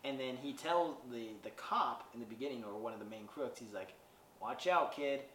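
His medium-pitched voice is brisk with a fairly bright tone, though it sounds roomy and distant from the mic, over faint background noise. He's a podcast host loosely recapping a movie, rambling with lots of fillers and wry asides.

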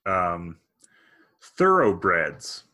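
A man's voice: low-pitched, wildly swooping pitch, very slow, pushed and bright. A man co-hosting a podcast, reading movie reviews aloud in casual chat and laughing often. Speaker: podcast co-host.

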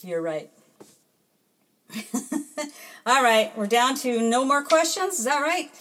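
A woman's voice: fairly high pitch, sing-song, slow, fairly bright tone, poor audio. A woman hosting a podcast, reading listener messages and telling stories in a chatty, self-deprecating way with frequent laughter. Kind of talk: casual chat.

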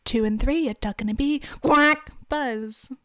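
A woman putting on a British accent to imitate a brisk, jokey cruise ship bingo caller who chants rhyming number calls. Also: on the high side, a little mellow, close to an everyday voice. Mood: chanting calls. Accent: put-on British.

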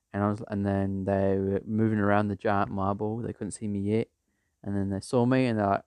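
A man's voice: lowish voice, little pitch movement, a little fast, darkish tone, clean tone, no echo. A man telling a made-up story in a rambling, casual way, full of fillers and restarts. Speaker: vlogger.

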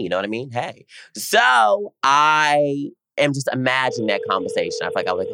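A young man co-hosting a podcast, telling a personal story in casual chat, animated and dramatic, jumping from low murmurs up to high squeals. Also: moderate pace, dry recording. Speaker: podcast co-host.

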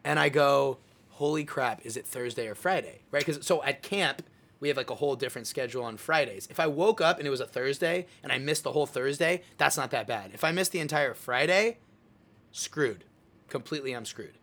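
Animated young man telling a story. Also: medium pitch, fairly quick. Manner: animated storytelling, acts out his own lines. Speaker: podcast host. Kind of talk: casual chat.

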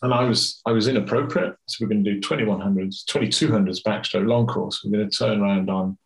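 A man's voice: on the low side, quick pace, creaky. A middle-aged man, a swim coach and father, telling a candid story in a conversational interview. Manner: candid, animated, reflective storyteller. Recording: roomy echo.

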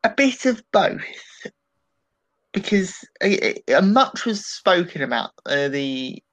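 A man with an animated, rambling delivery, giving his take on a political debate in a casual podcast discussion. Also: sits high, slow pace, low-quality recording. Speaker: political commentator.

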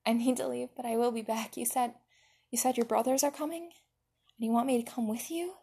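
A woman's voice: fairly high pitch, steady tone, fairly quick, vocal fry, warm tone, slightly rough, pitched above the performer's own voice. A woman voicing a timid, awestruck young male slave who stammers breathlessly.

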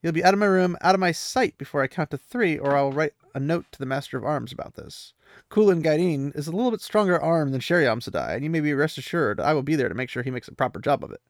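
A man voicing a stern young woman who brisk and commanding orders visitors out. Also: a little high, expressive, no room sound.

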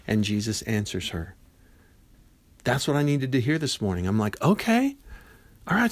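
A man in his fifties hosting a Christian devotional podcast, talking conversationally and acting out bits of dialogue with lively swings in voice. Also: lowish voice. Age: 50s. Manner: animated, conversational, acts out dialogue in quotes. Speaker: podcast host.

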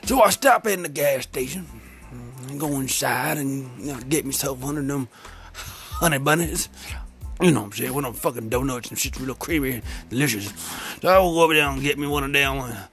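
A man's voice: medium pitch, animated, brisk, a bit bright, soft background music. A man telling a comic story in a rambling, profane, streetwise way, full of slang.

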